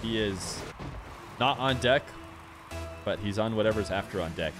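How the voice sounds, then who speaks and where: A young man with a fairly low voice talks loosely and casually to his stream chat, drifting from topic to topic. Game music runs clearly behind him the whole time. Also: normal speed. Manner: relaxed, rambling, talks straight to chat.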